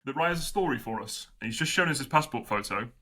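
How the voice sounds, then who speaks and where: A man hosting a casual podcast over a video call, chatty and quick to laugh. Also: medium pitch, animated, bright, forceful tone. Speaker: podcast host. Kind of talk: casual chat.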